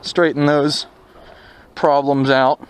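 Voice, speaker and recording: A man's voice: on the high side, flat delivery, slow pace, clear, resonant tone. A young man telling a personal story in a casual, candid, wry way while out on a motorcycle ride. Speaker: motovlogger. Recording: noisy outdoor wind and vehicle noise.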